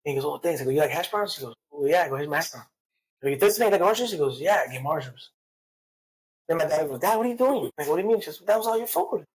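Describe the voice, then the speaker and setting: A woman's voice: sits low, animated, very fast, darkish tone, breathy edge, rough recording. A woman telling stories in a casual chat, profane and acting out the voices of people she quotes.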